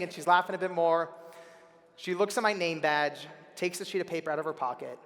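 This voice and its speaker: Animated young man telling a story on stage. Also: high-pitched. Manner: animated, acts out the people in his story, bursts of shouting. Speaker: keynote speaker. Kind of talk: storytelling keynote speech. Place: large convention center hall. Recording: long hall reverb from a PA.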